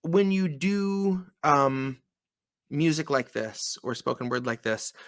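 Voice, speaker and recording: A man with a bright, fairly high voice talks casually on a live stream, joking and laughing between thoughts. He sounds close to the microphone in a dry space. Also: lively intonation, slow, no room sound. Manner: joking, laughs often, swears. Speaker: co-host and musician.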